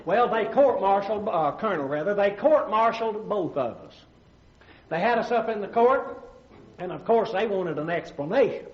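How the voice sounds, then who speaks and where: A pastor and comedian with a Southern US Alabama accent tells folksy comic stories full of drawling asides. His voice is high with lively intonation at a moderate pace, captured on a roomy, dull old comedy record.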